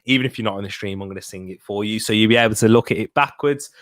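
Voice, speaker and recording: A man hosting a football watch-along live stream, chatting casually, reading out viewers' messages and shouting excitedly when a goal goes in. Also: lowish voice, racing. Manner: chatty, reads chat aloud, bursts into shouting at goals.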